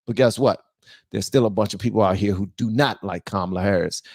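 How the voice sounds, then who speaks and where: A man's voice: on the low side, a little fast, no echo, studio quality. Blunt man talking straight to camera. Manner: animated, blunt, talks straight to viewers. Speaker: channel host. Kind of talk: casual political commentary.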